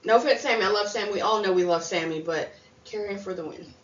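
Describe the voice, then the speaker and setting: A woman's voice: mid-range voice, fast. A woman co-hosting a wrestling podcast, outspoken and sassy in casual chat. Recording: roomy, distant, dull mic.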